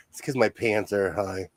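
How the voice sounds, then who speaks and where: A man's voice: fairly low pitch, dry recording. A man hosting a casual sewing livestream, playful and exclamatory, laughing often as he tries on and shows off clothes.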